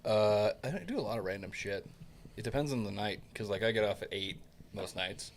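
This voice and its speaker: A man's voice: on the low side, expressive, fairly quick, slight background noise. Man, blunt, profane, rambling, casual chat, faint ambience. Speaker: podcast co-host.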